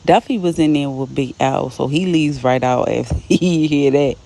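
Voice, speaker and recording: A woman with a low, gravelly voice talks through a TV episode scene by scene. Her tone is dark and mellow, and she drops in quick quoted lines and offhand side comments as she goes. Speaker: TV episode recap host. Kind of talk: casual episode recap.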